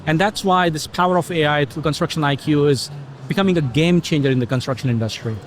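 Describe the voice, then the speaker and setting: A middle-aged man as an interview guest, explaining things in a relaxed conversational way and telling stories with quoted dialogue. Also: on the high side, fast talker, a little hiss or hum. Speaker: interview guest, technology consultant.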